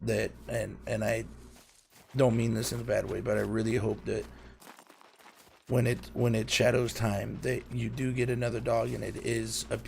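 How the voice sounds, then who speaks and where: A man with a very gravelly, creaky voice talks casually with a friend, rambling along and swearing freely. He laughs often between thoughts. There is a faint hiss of noise behind him. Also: fairly low pitch, flat delivery, moderate pace, darkish tone. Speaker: gamer chatting with a friend. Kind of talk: casual chat.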